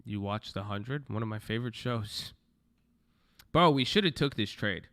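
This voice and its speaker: A man's voice: on the low side, lively intonation, normal speed, fairly bright tone. A young man trading stocks on a livestream, talking bluntly to his chat and swearing freely. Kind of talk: casual livestream commentary.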